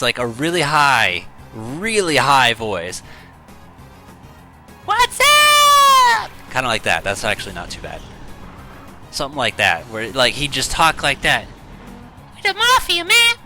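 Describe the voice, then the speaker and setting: This gaming YouTuber has a voice on the low side that sounds pushed and bright. He's doing casual let's-play commentary, wandering into stories and leaning heavily on fillers while he plays.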